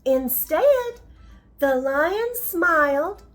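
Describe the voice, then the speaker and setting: An older woman reads a bedtime story aloud to children, speaking to them gently and asking questions as she goes. Her voice is very high and she takes her time, with soft music faintly in the background. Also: big pitch swings, drawn-out words.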